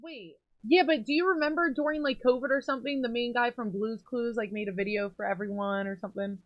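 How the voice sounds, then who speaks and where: A woman's voice: on the high side, steady tone, fast, no room sound, dull audio. A young woman in casual chat, opinionated and talkative. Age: young adult. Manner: opinionated, chatty.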